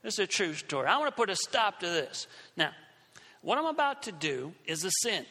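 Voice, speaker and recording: A man preaching in a church hall, spinning a story and acting out every part with a lot of animation. His voice sits high and bright, swings widely in pitch, and trails a long echo through the room. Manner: animated, acts out scenes with shifting voices. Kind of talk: storytelling sermon.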